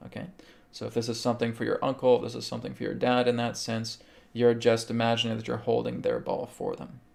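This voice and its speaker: A man hosting a live show, calmly guiding a healing meditation and answering viewers' questions, often checking in with "okay". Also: mid-range voice, fast talker, gravelly. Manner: calm, instructive, repeats okay. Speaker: host and spiritual healer.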